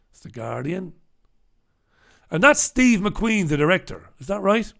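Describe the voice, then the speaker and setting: A man's voice: sits high, very animated, a little slow, gravelly, a bit bright. A man hosting a humorous newspaper review on a live stream, casual and wry, swearing freely as he talks. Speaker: host.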